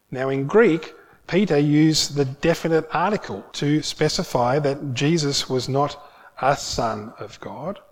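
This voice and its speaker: A man's voice: medium pitch, husky. A man preaching a sermon, earnest and emphatic, stretching out key words for weight. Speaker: pastor.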